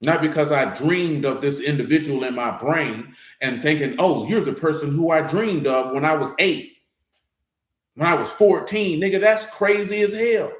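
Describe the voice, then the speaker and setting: This man's voice sits a little high and moves at a normal speed in a reverberant space. Teaching a scripture study assembly, he speaks loosely, bluntly and in a streetwise, conversational way, repeatedly asking "you know what I'm saying."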